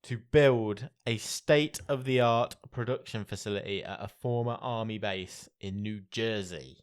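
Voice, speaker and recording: A man's voice: fairly low pitch, unhurried, clear, resonant tone. A man, co-hosting a casual podcast and reading out entertainment news. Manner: chatty, reads out news items. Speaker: podcast co-host. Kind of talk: casual chat.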